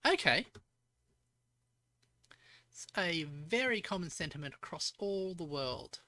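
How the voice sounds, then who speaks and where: Australian woman, low-ish voice, unhurried, muttering through code, dry close sound. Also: sing-song, sharp tone, dry recording. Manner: thinks aloud while coding, chats with viewers in between. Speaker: VTuber streamer. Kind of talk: live coding stream chat.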